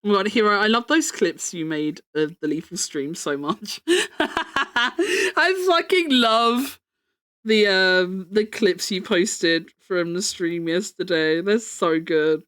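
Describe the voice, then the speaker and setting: A woman's voice: lowish voice, unhurried, hardly any pauses, clean tone. A young woman streamer chatting casually, rambling, joking about herself and swearing freely.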